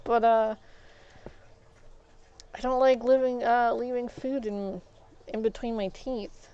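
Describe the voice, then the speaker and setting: A woman's voice: fairly high pitch, slow, clean tone, muffled recording. A woman telling rambling stories on a stream, acting out what others said. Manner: rambling, animated, acts out quoted people. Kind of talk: casual storytelling while gaming.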